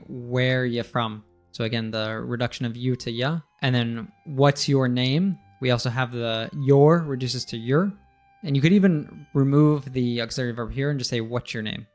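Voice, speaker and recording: A man teaching English, explaining pronunciation in a casual chat and laughing easily. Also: mid-range voice. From United States.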